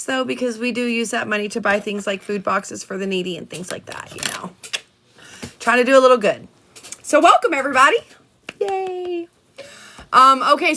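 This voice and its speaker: A woman hosting a casual livestream, reading letters aloud in a chatty, halting way with many ums and restarts. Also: a little high, pushed and bright. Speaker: livestream host reading documents.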